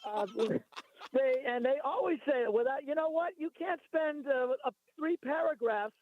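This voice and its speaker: A man's voice: very high-pitched, moderate pace, no room sound. A man calling in to a talk radio show, rambling and arguing his points, reading from notes. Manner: rambling, argumentative, reads from notes. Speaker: caller. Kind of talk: phoned-in talk radio call. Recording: tinny phone line.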